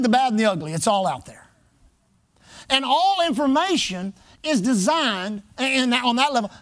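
A man with a strikingly high voice preaches a sermon. He pounds his points with repeated phrases in a steady pulpit cadence. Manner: emphatic, repetitive preaching cadence. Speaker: pastor.

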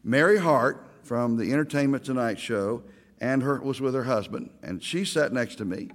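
A man's voice: medium pitch, animated, moderate pace. Oklahoman pastor preaching in a reverberant church. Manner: storytelling with self-deprecating humor. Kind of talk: sermon.

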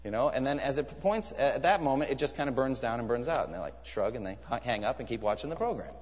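A man's voice: medium pitch, animated, fast talker, few pauses. A man preaching a sermon in an earnest, emphatic way, pressing his listeners with searching questions. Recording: echoey hall, dull lo-fi sound.

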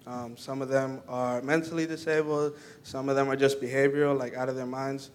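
A young man giving a personal testimony to a church group, halting and full of "um" and "like". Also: medium pitch, level tone, a little hiss or hum.

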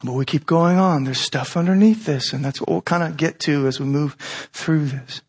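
A man with a high voice preaching a sermon. He talks conversationally, with asides and restarts, and acts out quoted voices with his pitch rising. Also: normal speed, darkish tone, breathy edge. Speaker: pastor.

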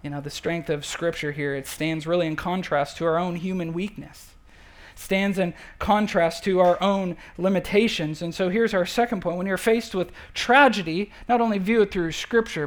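A woman's voice: medium pitch, moderate pace. A woman pastor preaching a sermon in a conversational way, repeating key phrases and checking in with her listeners. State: emotional when recalling loss.

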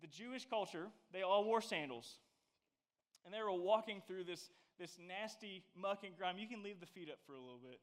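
A man giving a casual youth sermon, with animated, playful and exaggerated storytelling aimed at a young audience. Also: high-pitched, normal speed.

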